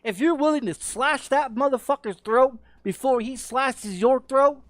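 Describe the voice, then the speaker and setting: A man's voice: very high-pitched, unhurried, no room sound. Profane middle-aged American man ranting. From United States. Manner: profane, angry, repeats and restarts words. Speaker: game streamer. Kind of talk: heated off-topic rant on a livestream.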